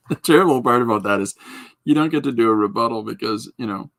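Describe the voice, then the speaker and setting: A man's voice: mid-range voice, creaky, a bit bright. A man hosting a podcast livestream, chatting casually while he draws, greeting viewers by name and reading their comments aloud, and laughing at his own jokes. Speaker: podcast host.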